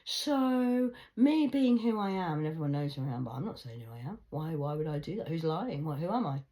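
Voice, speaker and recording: Woman, low voice, rambling vlog rant, swearing, rhetorical questions. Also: sing-song, quick pace, warm tone. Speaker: vlogger. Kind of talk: rambling monologue to viewers.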